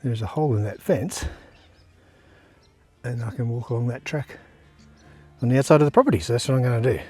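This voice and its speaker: A man's voice: mid-range voice, fairly quick, a little mellow, husky, faint music behind. An Australian man vlogging casually on a riverside trail, chatting in an easygoing, rambling way with lots of fillers while he walks. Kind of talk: casual outdoor vlog chat.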